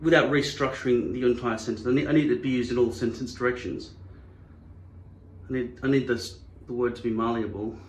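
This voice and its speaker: A man's voice: medium pitch, fairly even intonation, a little fast, reverberant. A man hosting a vlog, musing and digressing wryly as he works. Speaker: channel host. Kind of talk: rambling vlog monologue.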